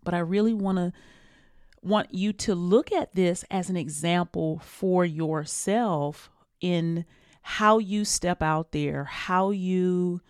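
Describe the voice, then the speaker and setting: A woman's voice: on the low side, fairly even intonation, slow, clean tone, dry recording, studio quality. A woman, hosting her own podcast in an earnest, emotional, encouraging way, casual and full of slang. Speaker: podcast host. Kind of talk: heartfelt solo podcast talk.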